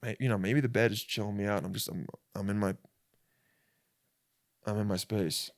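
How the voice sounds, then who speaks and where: A man's voice: lowish voice, steady tone, moderate pace, dry recording, studio quality. A young man hosting a podcast, telling a rambling comedic monologue in a crude, self-interrupting way from a bed in a rental apartment. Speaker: podcast host.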